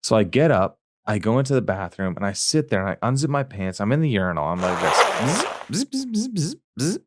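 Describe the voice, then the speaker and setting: Low-voiced man telling a lively story. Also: fairly quick, very noisy. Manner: animated anecdote-telling with sound effects and acted quotes. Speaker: podcast co-host. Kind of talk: casual chat, storytelling.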